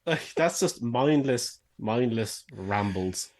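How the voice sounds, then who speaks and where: A man's voice: medium pitch, lively intonation, slow pace, a little mellow. A man co-hosting a podcast in casual banter, laughing often and swearing freely. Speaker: podcast co-host.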